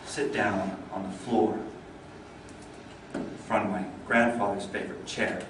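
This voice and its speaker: A man giving a storytelling speech at a speaking club, swinging from lively and loud to low and hushed. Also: measured pace, noisy background. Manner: animated, builds up energy then drops low. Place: meeting hall. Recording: echoey hall, mic far off.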